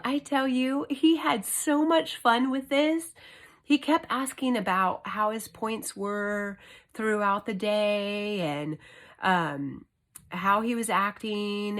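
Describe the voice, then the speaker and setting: Give me an earnest woman in her thirties vlogging at home with lively, emphatic storytelling. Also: mid-range voice. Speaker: homeschooling mother. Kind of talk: casual vlog monologue. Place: indoors at home.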